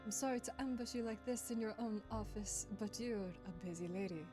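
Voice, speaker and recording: A poised witch with a put-on French accent, voiced by a woman reading a game aloud speaks in a calm, formal, coolly polite way. Her menace sits under perfect manners. Game music plays clearly underneath. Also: fairly high pitch, fairly quick, natural voice.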